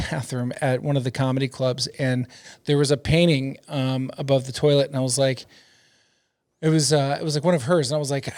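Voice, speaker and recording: A middle-aged man, a comedian guest telling rambling, profane stories in a casual interview, laughing often. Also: mid-range voice.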